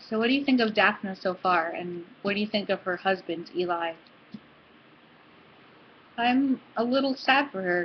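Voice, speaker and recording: A woman's voice: fairly low pitch, a little hiss or hum. Earnest woman reading aloud, lo-fi. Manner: earnest and chatty, a little breathless. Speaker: book club vlogger. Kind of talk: reading a novel aloud and chatting to viewers.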